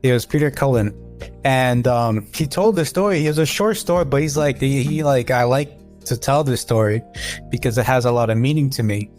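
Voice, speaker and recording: A man's voice: mid-range voice, fairly quick, darkish tone, faint music behind. A man on a podcast, telling a story loosely with many fillers and restarts. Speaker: podcast guest. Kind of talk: casual podcast chat.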